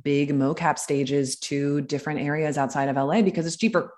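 A woman chatting as a podcast guest, her voice a little lower than most. She gushes with gratitude and laughs easily. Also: steady tone, fairly quick. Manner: warm, effusive, laughs easily. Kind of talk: casual chat.

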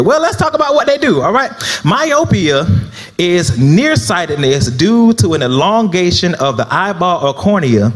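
A young minister from South Florida preaches at a normal speed in a high-pitched voice full of big pitch swings. The sermon stays conversational, with laughing asides and frequent check-ins with the congregation.

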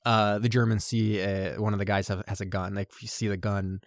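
A man's voice: fairly low pitch, level tone, a little fast, no room sound, clean studio sound. A man co-hosting a podcast, chatting casually through a movie plot with lots of fillers and "like". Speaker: podcast co-host. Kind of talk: casual movie recap chat.

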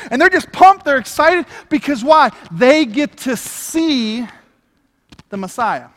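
Brief: high-pitched male pastor, energetic casual sermon, big hall reverb. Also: slow pace. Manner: energetic, conversational preaching with casual slang.

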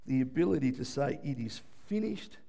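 A man preaching a sermon. He swings from quiet, low passages to shouted peaks and keeps asking the room "yeah?". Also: animated, normal speed, vocal fry. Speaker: pastor.

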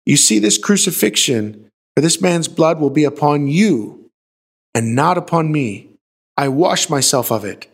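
A man voicing the Roman governor Pilate as a stern, questioning official in a retold Bible story, with a gravelly, husky voice. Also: fairly high pitch, animated, measured pace, pitched above the performer's own voice, exaggerated voice. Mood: declaring. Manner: raised, pressing questions.

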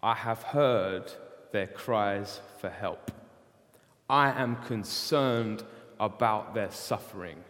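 A preacher voicing God as a grave, solemn male voice, speaking slowly and low in a reverberant hall. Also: a bit bright. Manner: slow, low, measured.

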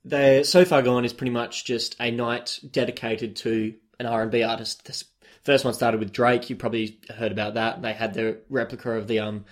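A man's voice: mid-range voice, fairly even intonation, moderate pace. A young Australian man co-hosting a casual chat podcast, rambling with many ums and restarts. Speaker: podcast co-host.

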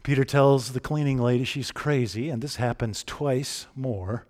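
A man's voice: mid-range voice, unhurried, a little mellow. A man preaching a sermon in a conversational way, often asking the listeners direct questions.

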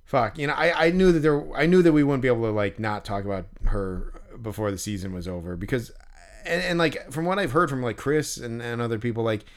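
A man's voice: mid-range voice, fairly quick. A man in his forties co-hosting a podcast in casual chat, easygoing and swearing offhandedly. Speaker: podcast co-host.

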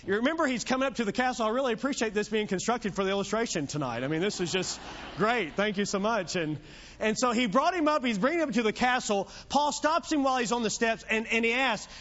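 A man's voice: high-pitched, expressive, quick pace, a bit bright, highs cut off. A man preaching an evening sermon in a conversational, joking storytelling manner.

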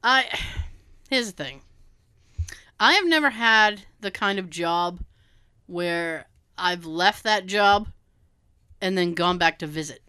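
On a podcast she co-hosts, a woman spins animated stories in casual conversation, cursing liberally and performing the quoted dialogue of others. Her voice is on the low side and clean-toned, she takes it slowly with frequent pauses, and there's no echo.

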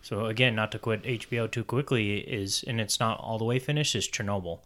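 A man's voice: fairly low pitch, a little fast, a bit bright. A man in casual conversation, friendly and upbeat, asking questions and sharing what he's heard about shows. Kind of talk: casual chat.

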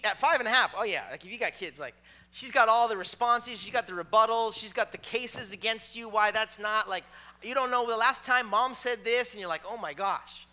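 A man's voice: extremely high pitch, pushed and bright. A man in his thirties, a pastor preaching a sermon in a loose, conversational storytelling way with lots of filler words.

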